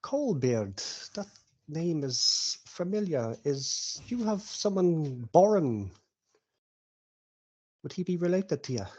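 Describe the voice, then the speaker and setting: A man's voice: a little high, very animated, takes it slowly, darkish tone, pitched above the performer's own voice, exaggerated voice. A man voicing an old, friendly male dwarf emissary with a hearty, slightly formal manner in a tabletop game.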